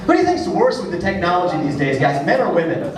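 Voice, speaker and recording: Animated New stand-up comic. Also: male voice, on the high side. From New York. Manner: animated, acts out characters with quick shifts of voice. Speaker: stand-up comedian. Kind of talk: stand-up comedy set. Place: comedy club stage with live audience. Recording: echoey live club recording from a distance, crowd audible.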